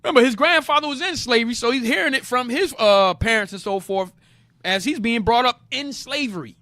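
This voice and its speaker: A man's voice: very high voice, fairly quick, sharp tone, no room sound. A man leading an interactive Bible lesson. He explains each passage, repeats the key points with emphasis, and keeps prompting his reader to go on. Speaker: Bible class teacher.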